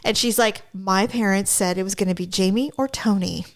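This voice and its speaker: A woman co-hosting a podcast in casual chat, telling animated stories and acting out both sides of phone calls. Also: medium pitch, fairly quick. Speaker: podcast co-host.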